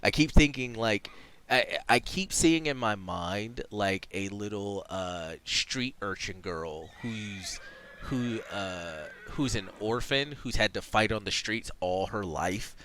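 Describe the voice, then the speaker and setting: A man's voice: on the low side, animated, slow, sharp tone, a little hiss or hum. A man casually reading and commenting on a role-playing game, rambling with lots of fillers and restarts. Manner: rambling, many fillers and self-corrections. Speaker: let's play streamer.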